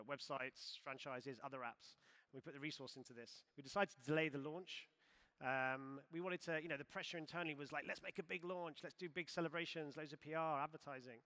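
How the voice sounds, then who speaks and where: A man giving a conference talk, casual and brisk, with frequent fillers. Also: medium pitch, pushed and bright. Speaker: conference speaker. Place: conference stage.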